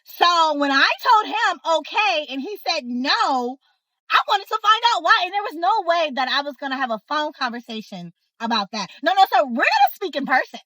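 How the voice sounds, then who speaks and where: A young woman telling a personal story in a casual, sassy, animated way, speaking straight to her viewers. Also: high voice, moderate pace, no echo, rough recording. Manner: animated, sassy, talks to the viewer, acts out others' voices. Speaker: storyteller host.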